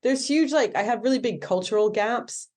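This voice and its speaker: Woman comedian in her thirties, American accent, talks quickly in loose asides. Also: on the high side, a little mellow. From England. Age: 30s. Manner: chatty, many "like"s and self-corrections. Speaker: stand-up comedian. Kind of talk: casual interview chat.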